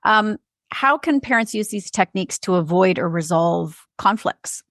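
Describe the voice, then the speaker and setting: A woman's voice: mid-range voice, expressive, moderate pace, a bit bright, no room sound, studio quality. Woman podcast host asking questions. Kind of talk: interview.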